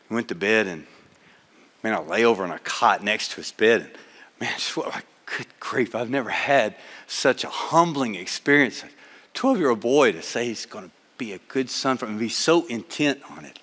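Preacher man booming in a reverberant hall. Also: lively intonation, moderate pace. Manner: swings from loud exhortation to hushed storytelling. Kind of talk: sermon with personal story.

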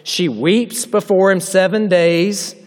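Southern male preacher, high voice, folksy jokes, chapel echo. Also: slow pace, darkish tone. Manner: folksy, joking asides, direct address to the audience. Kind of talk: humorous chapel sermon. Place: chapel hall. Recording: long hall reverb.

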